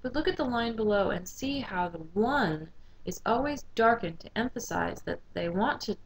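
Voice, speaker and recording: A woman teaching a recorded music lesson, explaining rhythm clearly and singing short phrases to demonstrate. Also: medium pitch, lively intonation, normal speed, low-quality recording.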